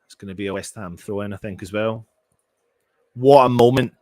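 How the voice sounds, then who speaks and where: A young man giving excitable, emotional fan play-by-play during a live match watchalong. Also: fairly low pitch, moderate pace, no room sound. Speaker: fan commentator.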